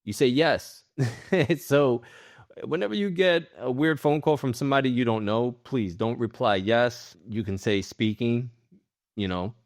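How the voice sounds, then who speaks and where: A man's voice: medium pitch, unhurried, no echo, studio quality. A man co-hosting a casual podcast who rambles and repeats his words as he acts out phone calls. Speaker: podcast co-host.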